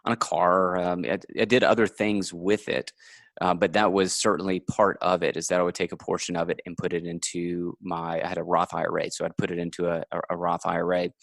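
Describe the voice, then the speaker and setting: Male podcast guest, low and dry-sounding, methodical and good-humored. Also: fairly quick, vocal fry, dry recording. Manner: explanatory, steady, laughs easily. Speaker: guest, finance author. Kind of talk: conversational interview answers.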